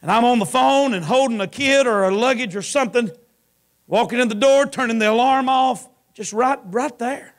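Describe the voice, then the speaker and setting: A middle-aged man preaching a sermon at a camp meeting, moving between impassioned shouting and hushed storytelling. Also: extremely high pitch, moderate pace. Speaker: pastor.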